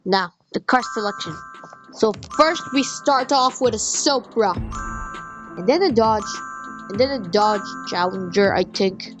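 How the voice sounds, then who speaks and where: A woman's voice: medium pitch, unhurried. A young woman rambling through a casual review of phone games as she plays them. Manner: rambling, animated, talks while playing on her phone. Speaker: game reviewer. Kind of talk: casual game review commentary. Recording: music playing behind.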